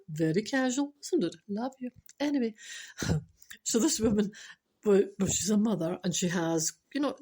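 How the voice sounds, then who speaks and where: Scottish woman, middle-aged, spinning a funny story, animated and exclaimy, acts out the quotes, normal mid pitch. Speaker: spiritual speaker and storyteller. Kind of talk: humorous anecdote told to a listener.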